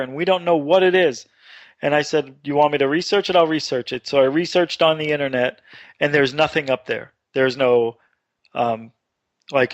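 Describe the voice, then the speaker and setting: A man telling a long personal story on a talk show, getting animated and louder as it builds. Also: on the high side, no echo. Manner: animated, excited retelling with rising voice. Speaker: radio show guest. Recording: dull dry online radio audio.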